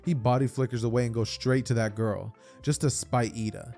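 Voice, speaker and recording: A man's voice: medium pitch, steady tone, normal speed, mellow, faint music behind. A man casually retelling a fan-fiction story, chatty and slangy, often restarting his sentences. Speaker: YouTube storyteller.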